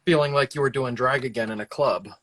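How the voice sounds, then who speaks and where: A man's voice: medium pitch, fast, fairly bright tone. A man co-hosting a casual livestream, reading viewer questions in a playful, teasing way.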